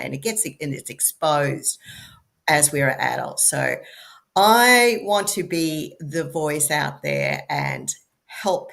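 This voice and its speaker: A woman guest sharing her personal story candidly, in halting speech full of pauses and fillers. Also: low voice, gravelly, a bit bright. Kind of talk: personal testimony in an interview.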